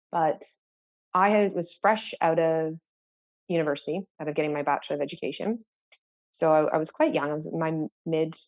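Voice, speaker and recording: A woman's voice: low-pitched, no room sound. A woman educator, a podcast guest, earnestly recounting classroom experiences in conversation, with frequent restarts and repeated words. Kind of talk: reflective storytelling in conversation.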